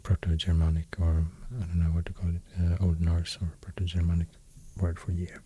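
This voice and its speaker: Soft, husky Swedish-accented man murmuring. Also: deep voice, monotone, fairly quick. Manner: half-whispered, hesitant with many fillers. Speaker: ASMR host explaining runes. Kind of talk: soft-spoken ASMR lecture.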